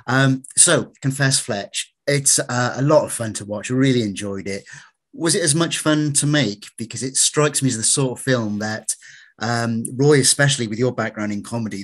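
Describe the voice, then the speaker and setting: A man interviews guests about a film, polite and a bit halting, filling gaps with ums. His voice sits at a middle pitch. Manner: polite, hesitant, many fillers. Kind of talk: interview questions.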